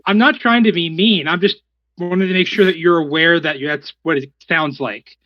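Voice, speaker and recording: A man with a slightly high voice, chatting at a game table and often stopping to restart his sentences. The sound is dry and a bit dull, like a lo-fi mic. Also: normal speed, no room sound. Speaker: player. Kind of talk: casual tabletop game chat.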